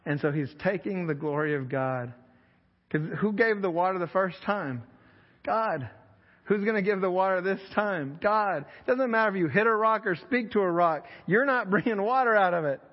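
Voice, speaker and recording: A man's voice: high voice, moderate pace. A male pastor preaching a sermon in a conversational, emphatic storytelling way in a church hall. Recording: echoey hall, slightly dull sound.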